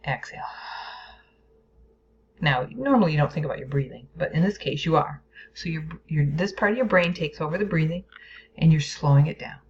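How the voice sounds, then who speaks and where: A woman's voice: low voice, expressive, fairly quick, a little mellow. A woman teaching a lesson on stress and the brain, explaining plainly with playful whispered asides and acted inner voices. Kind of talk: educational video lesson. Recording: dull lo-fi recording.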